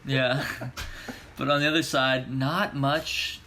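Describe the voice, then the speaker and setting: A man's voice: mid-range voice, little pitch movement, slow, pushed and bright, slight background noise. A young man co-hosting a casual sports podcast, laid-back, laughing easily and rattling off stats. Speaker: podcast co-host.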